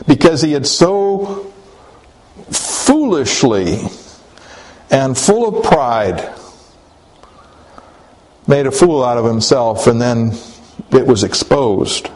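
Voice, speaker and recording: A man's voice: mid-range voice, expressive, slow, long pauses, a little mellow, poor audio. A man preaching a sermon and retelling a story in a folksy, conversational way, with hesitant fillers.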